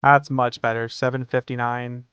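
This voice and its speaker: While playing a game on a live stream, this man keeps the chat casual and jokey, cursing freely and saying "dude" a lot. He speaks at normal speed with a flat, mid-range delivery; the tone is clear and resonant, but the highs are cut off.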